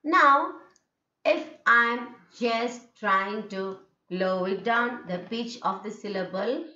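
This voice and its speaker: A woman's voice: fairly high pitch, slow pace, bright, forceful tone. A woman teacher with an Indian English accent, giving a recorded university lecture on intonation and patiently repeating each point with "okay". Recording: echoey room, dull lo-fi sound.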